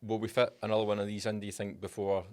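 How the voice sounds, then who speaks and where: A man's voice: fairly low pitch, little pitch movement, fast talker, clear, resonant tone. A Scottish man co-hosting a casual podcast, chipping in with easygoing questions. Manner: easygoing, brief interjections and questions. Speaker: podcast co-host.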